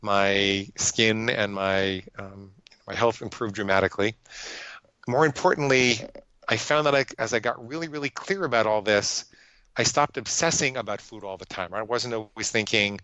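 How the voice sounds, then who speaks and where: A man's voice: lowish voice, a little slow, pushed and bright, clear, resonant tone, no echo, muffled recording. A man, a psychologist guest on a podcast, telling his story in an earnest, emphatic way with frequent restarts. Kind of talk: conversational interview storytelling.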